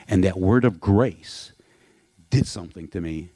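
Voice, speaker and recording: A man delivers a sermon in a loose, conversational manner, tossing in asides and questions to his listeners. His voice sits on the low side. The sound is dry and close. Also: measured pace, mellow, husky, dry recording. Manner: conversational, candid preaching with asides. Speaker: pastor.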